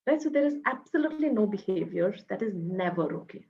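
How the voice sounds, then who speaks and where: A woman with an Indian English accent gives a parenting talk in a gentle, measured way, acting out the phrases parents might say to a child. Her pitch sits in the middle range for a woman. The recording sounds dull and a bit lo-fi. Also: lively intonation. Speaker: parenting speaker.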